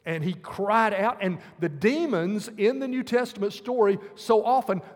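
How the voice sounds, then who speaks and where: Male preacher, high voice, earnest verse-by-verse sermon, long hall reverb. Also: normal speed. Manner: earnest, explaining scripture verse by verse.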